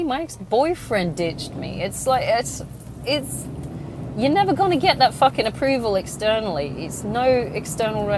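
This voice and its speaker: Woman in her 30s, podcast host, blunt, swears freely, mid-pitched, steady road noise from a moving car. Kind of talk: casual monologue. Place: inside a car.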